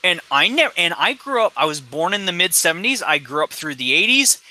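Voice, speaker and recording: A man in his forties rants bluntly on a podcast, swearing freely. His voice is a touch high for a man and very bright and forceful. The sound is dry and close, with no room around it. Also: big pitch swings, a little fast, no room sound, low-quality recording. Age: 40s. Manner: blunt, profane ranting. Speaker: podcast co-host. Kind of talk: casual chat.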